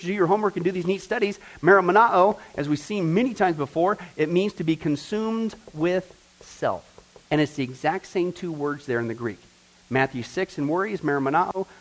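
A man teaching a Bible study as pastor, animated and joking, acting out the voices he quotes. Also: on the high side, rough recording.

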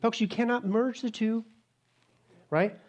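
A man's voice: very high voice, fairly even intonation, unhurried, a little mellow, dull audio. A male pastor preaching a sermon, emphatic and full of rhetorical questions, calling his listeners "folks.".

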